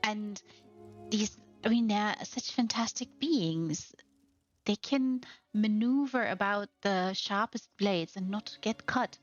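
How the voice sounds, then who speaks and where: A woman gives a leisurely, admiring voice-over as she tours players' game homes, gushing over each detail. Her mid-pitched voice comes through a little dull and muffled. Soft music plays faintly underneath. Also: slow. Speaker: game housing showcase host. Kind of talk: gameplay tour voice-over.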